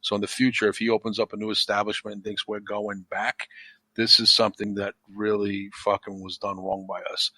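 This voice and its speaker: Guy w a lowish voice just rambling casually on a podcast, dry close sound. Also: level tone, a little fast, bright, forceful tone, dry recording. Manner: rambling, repeats himself, frequent "you know". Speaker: podcast guest. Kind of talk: casual conversation.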